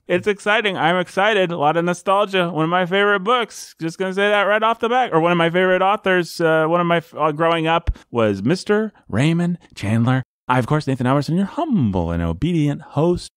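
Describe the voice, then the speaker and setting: A man's voice: on the high side, animated, fairly quick, hardly any pauses, fairly bright tone, smooth, no room sound, studio quality. A man hosting a casual book podcast, talking in a playful, jokey way. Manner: playful, jokey, bursts into silly voices. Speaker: podcast host.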